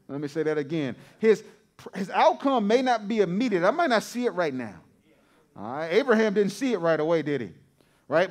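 A man's voice: high voice, lively intonation, normal speed. A male pastor preaching a sermon to his congregation, repeating phrases for emphasis and calling out to the crowd.

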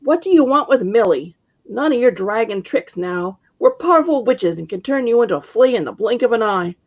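A woman reading aloud, voicing a cranky, raspy old witch who snaps and scolds. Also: fairly high pitch, big pitch swings, moderate pace, darkish tone, lo-fi sound, voice pushed up. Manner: snappish, scolding.

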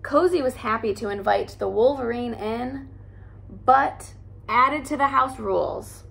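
A woman in her thirties reading a picture book aloud as a teacher, slow, gentle and expressive, pausing between phrases. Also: fairly high pitch, vocal fry. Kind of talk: read-aloud storytelling.

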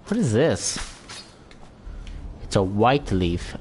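A man's voice: medium pitch, animated, measured pace, a little hiss or hum. A young man giving joking let's play commentary, talking casually to his viewers. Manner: chatty, joking asides to viewers. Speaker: gaming YouTuber.

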